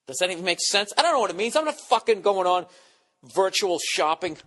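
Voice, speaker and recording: A man's voice: sits high, sing-song, brisk, pushed and bright. A middle-aged man hosting a podcast, with a Boston accent, ranting in a profane, sarcastic, comedic monologue. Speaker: podcast host.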